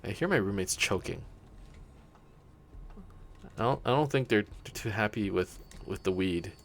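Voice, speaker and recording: A man's voice: on the low side, moderate pace, vocal fry, a little hiss or hum. A young man hosting a let's play, rambling through casual stories with frequent swearing. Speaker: gaming channel host.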